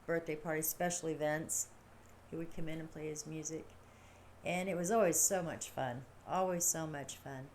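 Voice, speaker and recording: Chatty woman, lowish voice, laughing often. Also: fairly even intonation, normal speed, darkish tone, a little hiss or hum. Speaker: livestream host. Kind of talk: casual chat to viewers.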